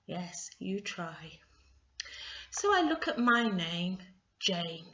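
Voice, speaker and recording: Slow, patient woman teaching English. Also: lowish voice, sing-song, sharp tone, reverberant, muffled recording. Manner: slow, patient, stressing each word. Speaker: English tutor. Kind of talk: recorded English lesson.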